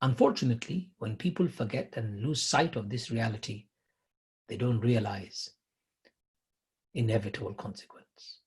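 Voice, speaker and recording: A middle-aged man giving a sermon, retelling scripture emphatically, rising loud then dropping to a hush. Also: medium pitch, moderate pace, pauses often, breathy edge. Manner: emphatic, swings between loud and hushed. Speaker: preacher.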